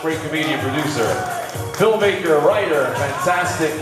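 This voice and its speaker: Man, comedy show host, hypes the crowd, fairly high voice, very echoey club, heard from afar. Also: normal speed, distant mic, over loud music. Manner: hypes the crowd in loud bursts. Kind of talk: introducing an act.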